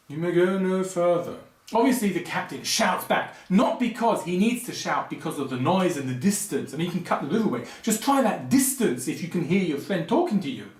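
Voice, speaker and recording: Animated high-voiced man ranting. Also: reverberant. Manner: digressive, animated ranting with frequent asides. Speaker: film commentary video host. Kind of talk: casual spoken commentary.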